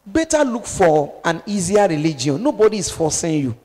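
Nigerian woman preacher, fervent sermon, bursts of exhortation then quiet pleading, long hall reverb. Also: lowish voice, sing-song, moderate pace. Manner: impassioned, pleading, swings from loud exhortation to hushed appeals.

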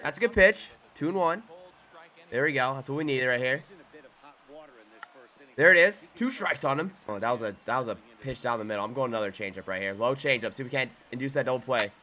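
An excitable young man commentates on his own video game as he plays it. His voice is bright and forward, and his pitch leaps around, swinging from low, quiet muttering to high, loud bursts. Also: fairly quick. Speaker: gaming YouTuber. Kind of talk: live gameplay commentary.

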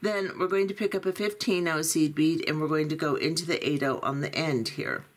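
A woman teaching a beading tutorial, calmly talking through each step as she works. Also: deep voice, fairly quick. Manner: calm, methodical, talks through each step. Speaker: beading instructor.

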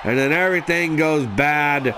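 A man commentating a let's play with shouty, melodramatic trash talk. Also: fairly high pitch, moderate pace, noisy background. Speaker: gameplay commentator.

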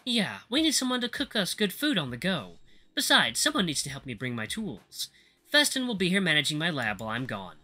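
A man voicing a brisk, analytical young male researcher who speaks in a clinical, matter-of-fact way. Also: fairly high pitch, wildly swooping pitch, sharp tone, faint music behind, heavily acted.

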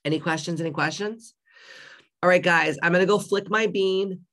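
A hoarse woman hosting an online coaching community in a casual live stream, blunt, loud and heavily profane. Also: lowish voice, normal speed. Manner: loud, brash and upbeat.

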